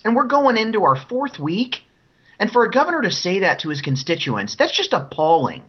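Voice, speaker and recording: A man co-hosts a news podcast with a bright, forceful voice set a little high. His commentary is indignant and mocking, climbing into outraged exclamations. The audio is dull and lo-fi. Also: big pitch swings, fairly quick, slightly rough. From New Jersey. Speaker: podcast co-host.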